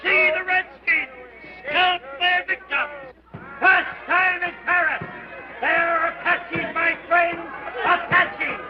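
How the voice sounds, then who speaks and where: An actor playing a sideshow barker shouting to a fair crowd, in 1930s film style. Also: male voice, extremely high pitch, level tone, takes it slowly, lo-fi sound. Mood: hawking. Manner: shouting, drawn out. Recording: noisy old film soundtrack.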